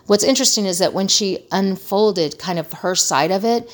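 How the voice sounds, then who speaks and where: A woman's voice: mid-range voice, normal speed. Middle-aged woman chatting earnestly, giving advice, acting out bits of conversations. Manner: earnest, conversational, acts out quoted remarks. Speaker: host. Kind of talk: casual advice talk.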